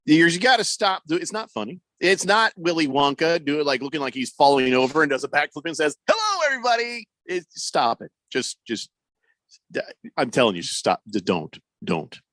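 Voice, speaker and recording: A man's voice: a little high, fairly quick, fairly bright tone, no room sound. A man hosting casual sports radio banter, joking and reading out listener messages on a studio microphone. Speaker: radio host.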